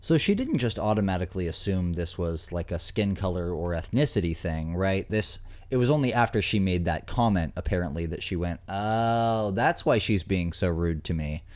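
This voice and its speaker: A man's voice: sits low, animated, normal speed, darkish tone. A male host giving casual commentary on viral clips, with wry asides and hesitant fillers.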